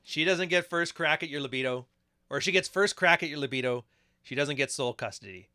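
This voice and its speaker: A man's voice: fairly high pitch, expressive, fairly quick, pushed and bright. A man hosting a podcast, giving crude, joking commentary on video clips and laughing often. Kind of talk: casual reaction commentary.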